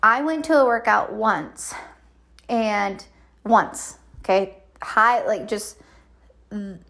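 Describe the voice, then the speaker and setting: A woman's voice: mid-range voice, slow. A middle-aged woman chatting in a rambling, casual monologue as a podcast host. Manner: chatty, rambling, animated quoted voices.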